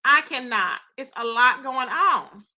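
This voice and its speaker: A woman's voice: high-pitched, animated, slow pace, sharp tone, highs cut off. A woman hosting a live gossip commentary stream, reacting with incredulous rhetorical questions and greeting her chat. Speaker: commentary channel host.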